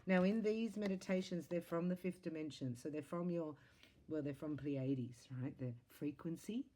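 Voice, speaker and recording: A low-voiced woman gives a tarot reading straight to camera. Her tone is soft and mellow, and her sing-song delivery keeps leaping up and dropping back down. She sounds earnest and encouraging throughout. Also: normal speed, slight background noise. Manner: animated, sing-song delivery with big swings in pitch and loudness; earnest, encouraging spiritual talk. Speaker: psychic tarot reader.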